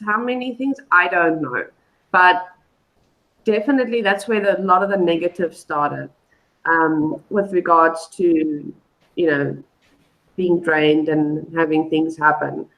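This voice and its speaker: A woman's voice: on the low side, a little slow, a bit bright, low-quality recording. A woman, a guest on a live online show, telling a personal story in a loose, rambling way full of fillers and restarts. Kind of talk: casual storytelling.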